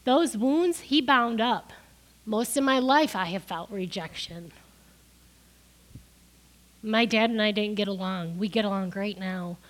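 A woman's voice: mid-range voice, unhurried, pauses often. A middle-aged woman preaching a sermon, crying as she gives an emotional testimony that builds to emphatic peaks.

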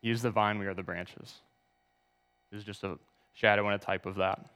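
A man's voice: fairly low pitch, fairly even intonation, fairly quick, a bit bright, smooth, in a large hall. A man preaching a sermon, reading scripture aloud and asking the congregation to turn to verses. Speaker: pastor.

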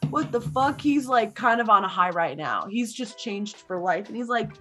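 A young woman in casual chat, retelling a movie plot in a rambling, animated, profane way. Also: medium pitch, normal speed, soft background music.

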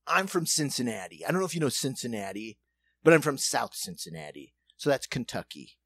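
A man telling a long story on a podcast in a lively, animated way, acting out other people's voices and laughing often. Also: mid-range voice, brisk, breathy edge, no echo. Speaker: podcast co-host. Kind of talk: casual storytelling chat.

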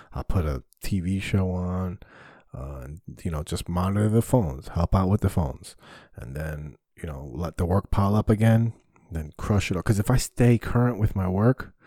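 Recorded dry in a small basement home studio, a low, mellow-voiced man talks alone on his own podcast. A stand-up comedian, he rambles frankly, swears, and fills the gaps with lots of fillers.

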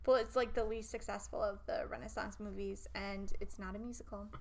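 A woman's voice: medium pitch, level tone, a little fast, crowd noise, poor audio. A woman co-hosting a podcast, upbeat and chatty, laughing easily. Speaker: podcast co-host. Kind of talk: casual podcast chat.

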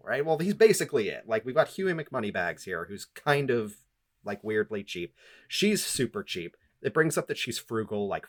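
A man's voice: mid-range voice, sing-song, normal speed. A man co-hosting a podcast, recapping a novel in a sarcastic, rambling, profane way. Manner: sarcastic, rambling, with many fillers. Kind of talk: casual, profane book-recap chat.

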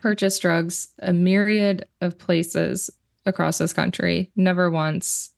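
A woman talks through a film as a guest on a casual podcast. Her voice sits low with a gravelly fry at the ends of phrases, and she is blunt, swears freely and laughs easily. The sound is dry and close, with no room around her. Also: flat delivery, slow, a little mellow, no echo.

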